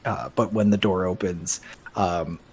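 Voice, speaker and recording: A man's voice: sits low, fairly even intonation, measured pace, slight background noise. A man narrating as game master in a casual tabletop game, talking loosely with restarts and laughs. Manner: chatty, laughing, many restarts.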